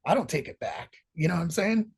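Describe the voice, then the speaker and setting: This middle-aged guest musician has a creaky, husky voice on the high side and talks fairly quickly. In a casual podcast interview, he spins profane, rambling stories with lots of animation.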